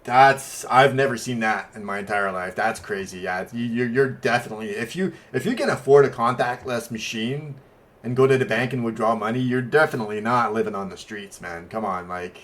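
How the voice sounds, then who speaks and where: A podcast co-host, a man whose first language is French, talks in English at a middling pitch. He rambles through stories, blunt and unfiltered, with swearing along the way. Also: brisk, a bit bright. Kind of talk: casual chat.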